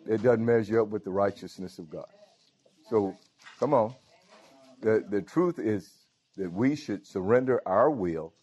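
A man's voice: on the low side, a little mellow, dull audio. A pastor preaching a sermon. He talks informally and keeps calling out to his congregation. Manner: informal preaching with frequent call-outs to the congregation. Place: church.

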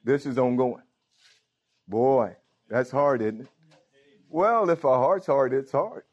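A man's voice: medium pitch, slow pace. Preacher man with a muffled sound. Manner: informal preaching with frequent call-outs to the congregation. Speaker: pastor. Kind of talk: sermon. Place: church.

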